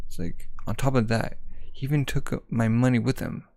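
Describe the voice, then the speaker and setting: A man with a gravelly, fry-laced voice reads a manga aloud in a relaxed, offhand way. He says the characters' lines and keeps breaking in to describe what happens in each panel. The sound is close and dry, with no room echo. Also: mid-range voice, moderate pace. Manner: reads character lines in his own voice, narrates panels with "it's like". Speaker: manga reader. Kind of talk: casual read-aloud of a manga with commentary.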